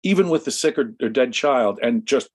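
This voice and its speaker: A man in a casual discussion, telling a story in an emphatic, animated way. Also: medium pitch, normal speed. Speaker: guest commentator.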